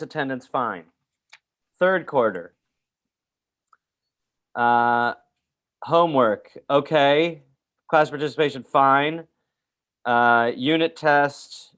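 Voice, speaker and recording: A man's voice: on the high side, fairly bright tone. A man hosting a podcast, telling rambling, jokey school stories in casual chat and reading old reports aloud. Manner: rambling, jokey, reads aloud and acts out quotes. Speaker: podcast host.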